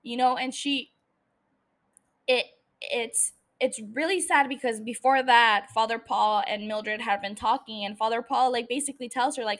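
High-voiced woman ranting with heavy swearing. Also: steady tone, normal speed, a bit bright. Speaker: podcast host. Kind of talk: casual solo podcast recap.

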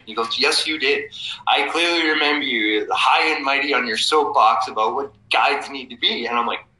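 A man in his forties with a very bright, sharp voice tells stories in a casual interview. He acts out the people he quotes with lively swings in his voice. The room around him sounds echoey. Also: medium pitch. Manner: animated anecdotes, acting out quoted people. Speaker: guest, cofounder of a map company.

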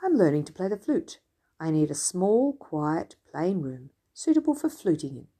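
A large, polite bear, as a woman reading aloud puts him on, calm and courteous. His voice is mellow and husky, with nothing fierce in it. It is a storybook voice. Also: on the low side, moderate pace. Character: polite male bear learning flute.

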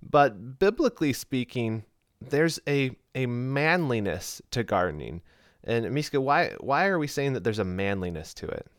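A man's voice: mid-range voice, sing-song, normal speed, no room sound, clean studio sound. A man co-hosting a podcast in casual, jokey conversation, chatting easily and laughing. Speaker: podcast co-host.

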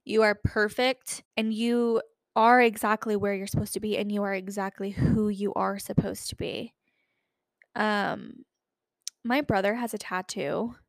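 A creaky, medium-pitched woman speaks at a measured pace with fairly even intonation. In her twenties, she hosts a solo podcast, rambling chattily with many fillers, recorded cleanly in a studio without echo.

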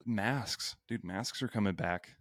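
A man's voice: fairly low pitch, slow pace, no room sound, clean studio sound. A man, a healthcare worker, talking as a guest on a podcast in a brash, joking way with plenty of swearing. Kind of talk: casual podcast chat.

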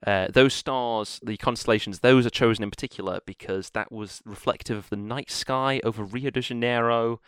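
A man's voice: mid-range voice, fairly even intonation, moderate pace, hardly any pauses, clean tone, dry recording, clean studio sound. A man co-hosting a podcast, chatting casually and rambling with fillers and restarts. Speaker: podcast co-host. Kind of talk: casual chat.

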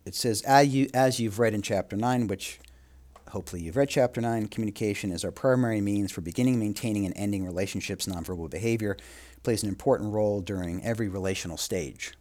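A man teaching a course, reading from a textbook and adding quick asides, sometimes correcting himself as he reads. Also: lowish voice, darkish tone. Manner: reads aloud with asides and small self-corrections. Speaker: instructor. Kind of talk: reading a textbook aloud with comments.

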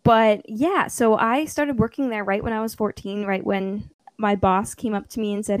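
A young woman in casual chat, telling a story with lively acted-out quotes and frequent laughter. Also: mid-range voice, moderate pace, dry recording. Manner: animated storytelling, acts out quotes, laughs often.

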